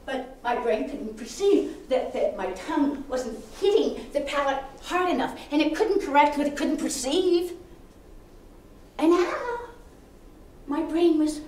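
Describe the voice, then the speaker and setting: A woman performing a solo storytelling piece on stage, animated and expressive, sometimes dropping to a hush. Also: high voice, a little slow, slight background noise. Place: theater stage. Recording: echoey hall from a distance.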